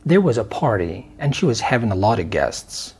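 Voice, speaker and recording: A man narrating a dramatic first-person story with a husky voice and expressive delivery. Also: fairly low pitch, normal speed.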